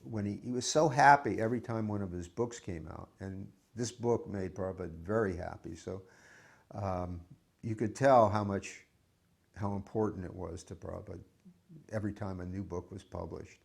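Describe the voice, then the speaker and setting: A man's voice: low-pitched, moderate pace, vocal fry, slightly rough. A man reminiscing in an interview, reflective and hesitant, often restarting his sentences. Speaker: devotee recalling memories.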